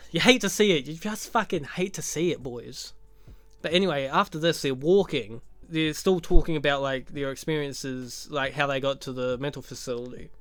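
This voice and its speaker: A man's voice: a little high, normal speed, fairly bright tone, no room sound. A man giving a casual, profane recap of a movie, full of sarcastic jokes and laughing asides. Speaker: YouTube movie commentator.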